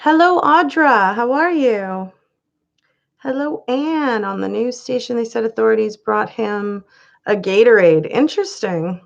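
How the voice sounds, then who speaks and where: Slow-talking woman chatting on a live stream. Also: fairly high pitch, vocal fry, a little mellow, dull audio. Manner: chatty, greets viewers by name, laughs often. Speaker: live-stream host reading viewer comments. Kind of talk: casual live chat.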